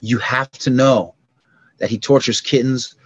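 A middle-aged man talking as a podcast guest, with an everyday mid-range pitch. He tells stories in an animated way and jumps into sound effects and quoted voices. The sound is dry and close, with no room around it. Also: a little slow, husky, dry recording, muffled recording. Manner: animated, acts out sounds and dialogue. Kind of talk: casual storytelling conversation.

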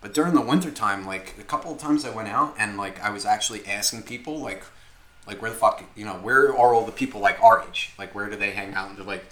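A man's voice: lowish voice, fast talker, fairly bright tone, poor audio. A young man co-hosting a casual podcast, telling a story loosely and profanely with lots of filler words. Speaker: podcast co-host.

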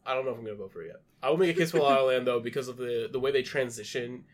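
A young man chatting casually on a film podcast, joking and quick to laugh. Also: medium pitch. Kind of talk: casual chat about film awards.

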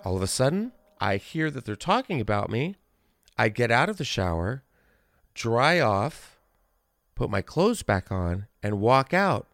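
A man's voice: medium pitch, unhurried. A male comedian telling a story on a podcast as a guest, acting out every voice along the way. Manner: animated, acts out every voice. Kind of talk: comic storytelling.

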